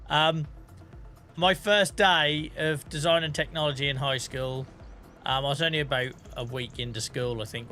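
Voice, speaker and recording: Bright-voiced man chatting while gaming. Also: medium pitch. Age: 30s. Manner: chatty, swears and laughs a lot while storytelling. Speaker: streamer. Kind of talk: casual gameplay chat.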